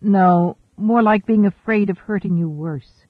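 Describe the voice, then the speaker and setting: A man reading the lines of a gentle, wise woman space traveler in an audiobook. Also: high-pitched, unhurried, no echo. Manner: gentle, reasoning. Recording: thin phone-like dry audio.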